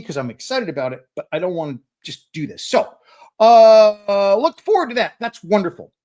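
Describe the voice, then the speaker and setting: Excitable rambling man with a lively voice. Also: high-pitched. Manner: excitable, rambling, repeats words when starting sentences. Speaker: host. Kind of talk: live-stream Q&A chat.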